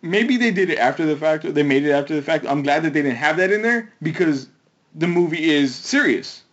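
A man's voice: fairly high pitch, animated, fairly quick, a bit bright, dull audio. A man co-hosting a casual movie chat, rambling and restarting his sentences. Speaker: podcast co-host.

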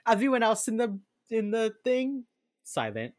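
A woman's voice: a little high, very animated, normal speed, darkish tone, dry recording, clean studio sound. A woman chatting casually on a podcast, recapping a TV episode and acting out the characters' lines with lots of laughter. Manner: swears casually. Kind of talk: casual chat.

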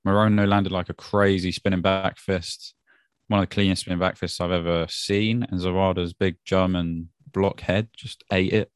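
A man with a very deep voice talks through a night of fights in a relaxed, laughing way, dropping "mate" here and there. The sound is dry and close. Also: normal speed, clean tone, no room sound. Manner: laid-back, laughs often, British slang like "mate". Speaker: podcast co-host. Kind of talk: casual MMA fight recap.

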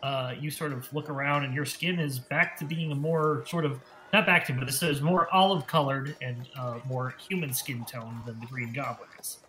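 A man's voice: mid-range voice, steady tone, moderate pace, hardly any pauses, pushed and bright, faint music behind, poor audio. A man narrating as dungeon master in a casual tabletop game session.

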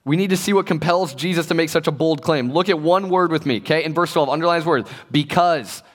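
Young male pastor, slightly high voice, conversational and playful, long hall reverb. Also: fast talker. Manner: conversational, joking, acts out quoted voices. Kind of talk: casual sermon to young people.

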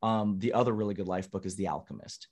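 Male podcast guest, low voice, earnest and reflective, casual chat. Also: fast talker, darkish tone, breathy edge. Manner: earnest, thoughtful explaining.

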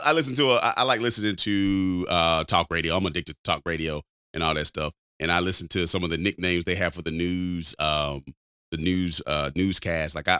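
A man's voice: low voice, pushed and bright, clear, resonant tone, no echo, clean studio sound. A man co-hosting a podcast in casual chat, rambling with repeated words and frequent laughs. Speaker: podcast co-host.

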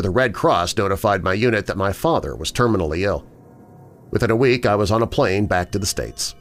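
Low-voiced man narrating horror stories. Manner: measured storytelling. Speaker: host and narrator. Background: faint music.

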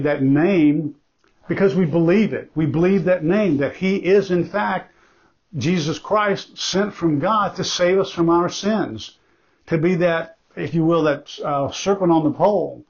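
A pastor delivering a sermon in a slightly high, husky male voice. He speaks earnestly and emphatically, circling back to repeat his key phrases. The recording sounds dull and lo-fi. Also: a little mellow.

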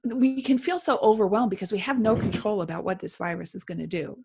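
A woman speaking in an earnest, reflective way in a casual conversation, with soft laughs. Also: medium pitch, fast, vocal fry, background noise.

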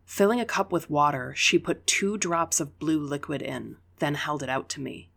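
An audiobook narrator reading a first-person story in an even, unhurried way. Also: mid-range voice, vocal fry.

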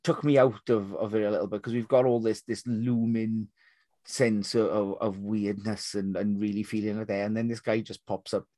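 Man, podcast co-host, lively, casual, dry close sound. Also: on the low side, normal speed, no room sound. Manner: animated, swears casually, laughs while talking. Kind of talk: casual film discussion.

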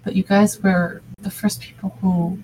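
A woman's voice: mid-range voice, level tone, unhurried, warm tone, a little hiss or hum, close to an everyday voice, rough recording. A woman reading the lines of an earnest, sentimental young woman in an amateur fan fiction reading. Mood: wistful.

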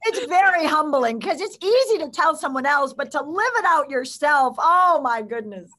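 A woman's voice: high-pitched, animated, normal speed, sharp tone. A middle-aged woman telling a personal story as a podcast guest, acting out the quoted lines with animation.

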